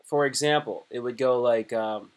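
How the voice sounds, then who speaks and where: A young adult man rambling through a casual livestream, chatty and animated. He keeps restarting his sentences as he talks, with the easy manner of a comedian. His voice sits at an ordinary middle pitch. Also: normal speed. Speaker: comedian and live streamer.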